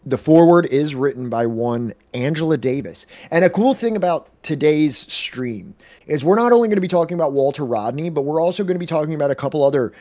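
A man's voice: a little high, lively intonation, fast, warm tone, no room sound. Rambling casual male streamer. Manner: rambling, many fillers and restarts. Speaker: co-host of a reading stream. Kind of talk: casual chat.

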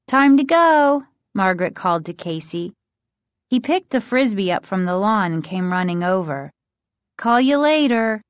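A woman narrating a children's horror storybook in an expressive reading. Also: on the low side, no room sound. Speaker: audiobook narrator.

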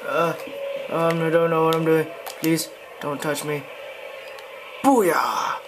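A jumpy gamer talks through a let's play, switching between yelps, pleading and quiet muttering. The pace is slow and drawn out, and a clear layer of noise sits under the voice in a home recording. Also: medium pitch, level tone.

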